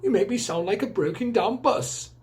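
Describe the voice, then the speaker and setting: A man's voice: sits high, animated, normal speed, darkish tone, faint music behind, voice pushed up. A man voicing a frightfully posh elderly lady who complains and sulks. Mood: huffy. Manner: haughty, complaining, sarcastic.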